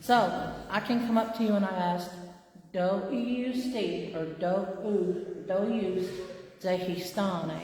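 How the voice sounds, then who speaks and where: A woman teaching a casual language lesson, conversational and checking in with her listeners often, stretching out words slowly and with exaggeration for pronunciation. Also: mid-range voice, dark tone. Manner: conversational, checks in with "right?" and "okay?". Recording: very echoey room with long reverb.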